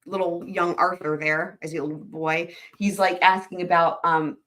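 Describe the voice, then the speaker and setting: A woman's voice: fairly low pitch, flat delivery, moderate pace, a bit bright. A woman hosting a live stream in casual chat, rambling, laughing often and reading comments aloud.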